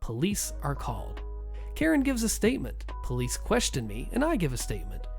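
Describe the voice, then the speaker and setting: Animated male storyteller, gravelly, wry asides, faint music behind. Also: on the high side, brisk. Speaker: podcast host reading stories. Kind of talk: storytelling narration with casual commentary.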